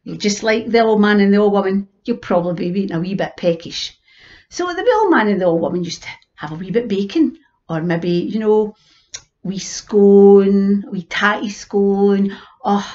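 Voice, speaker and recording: A woman with an Ayrshire Scots accent telling a folk tale in a lively, folksy way. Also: mid-range voice, dull audio. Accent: Scottish, Ayrshire. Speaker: storyteller. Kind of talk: animated oral storytelling.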